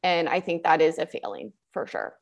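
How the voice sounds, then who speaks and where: A woman's voice: sits low, expressive, moderate pace, vocal fry. A woman co-hosting a podcast discussion, thoughtful and talkative, with many "like"s in her speech. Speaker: podcast co-host. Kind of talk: casual discussion.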